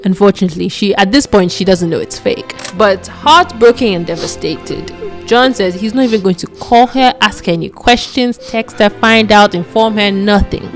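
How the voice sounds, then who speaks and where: A woman tells a story in a relaxed, conversational way, like chatting with a friend. She drops her voice low when she quotes the characters. Her voice sits at a middle pitch, and faint music plays underneath. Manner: chatty, acts out quoted lines in a lower voice. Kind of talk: casual story narration.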